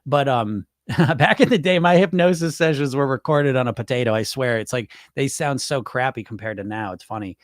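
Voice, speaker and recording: A man's voice: medium pitch, brisk, no echo, studio quality. A man who coaches weight loss through hypnosis, hosting a casual live chat in which he answers viewers' comments, speaking candidly, swearing freely and repeating himself.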